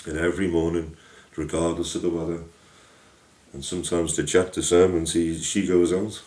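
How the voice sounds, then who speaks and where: Deep dark-voiced guy telling a folk story, homely and lively, echoey room. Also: normal speed. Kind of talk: storytelling narration. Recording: echoey room, distant mic.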